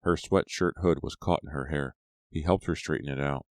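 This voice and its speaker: Super deep guy reading an audiobook, dry close sound. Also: moderate pace, dry recording. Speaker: audiobook narrator. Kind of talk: scripted narration.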